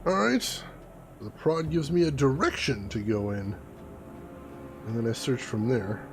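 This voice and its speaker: A man giving casual, excitable commentary while playing a video game. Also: mid-range voice, a little slow, over music. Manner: excitable, jumpy exclamations. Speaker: gaming streamer. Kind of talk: casual let's-play commentary.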